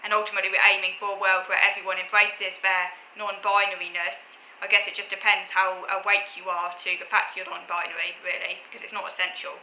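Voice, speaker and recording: A woman vlogger lays out her views in an earnest, lecturing way, often stopping and restarting her phrases. Her voice is very bright and sharp-edged. She sounds like she is in a roomy, echoey space with a faint hum of background ambience. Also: mid-range voice, flat delivery, a little fast, hardly any pauses. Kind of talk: explaining opinions to camera.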